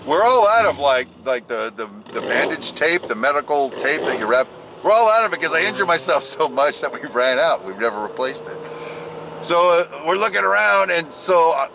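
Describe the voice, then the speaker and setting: Animated man telling a jokey story. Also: on the high side, noisy background. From United States. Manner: animated, jokey, swings into loud exclaims and mimicked voices. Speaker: vlogger. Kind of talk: casual storytelling vlog.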